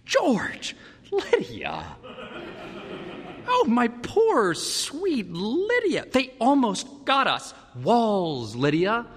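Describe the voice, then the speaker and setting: A man's voice: very high-pitched, huge pitch swings, drawn-out words, a bit bright, breathy edge, in a large hall, voice pushed up, full character voice. A man voicing a rattled husband who laughs nervously while trying to reassure his wife. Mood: shaken. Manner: shaky, overexcited reassurance.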